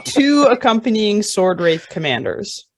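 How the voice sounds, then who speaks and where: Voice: mid-range voice, expressive, unhurried, slight background noise. A game master playfully revealing the encounter to the players. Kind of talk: casual tabletop game chat.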